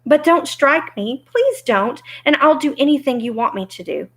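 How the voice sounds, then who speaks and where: A woman's voice: on the high side, measured pace, vocal fry, a bit bright, voice pushed up. A woman voicing a timid little old man who has posed as a great wizard, speaking meekly and shakily. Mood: trembling. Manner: trembling, meek.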